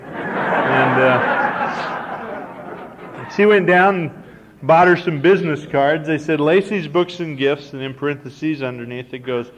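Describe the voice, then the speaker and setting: A man's voice: on the high side, a little slow, pauses often. A man in his forties from Nebraska telling a folksy, self-deprecating personal story to a recovery meeting. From Nebraska, United States. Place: conference hall. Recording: dull, slightly hissy old cassette tape.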